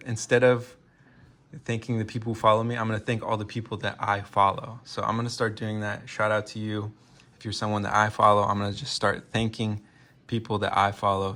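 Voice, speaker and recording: Rambling gravelly American man vlogging. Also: on the low side, fairly bright tone, slight background noise. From United States. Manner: rambling, self-interrupting, jokey. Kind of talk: rambling casual vlog.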